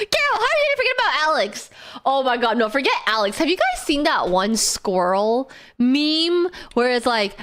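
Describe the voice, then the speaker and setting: A woman streamer in casual live-stream chat who talks in a giggly, animated way and laughs often. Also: sits high, normal speed, slight background noise.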